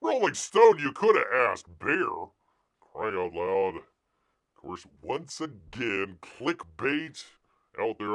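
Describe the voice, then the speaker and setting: Sarcastic man with a lively pitch. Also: slow. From United States. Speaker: host of a live news and chat stream. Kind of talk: casual news commentary, reading articles aloud.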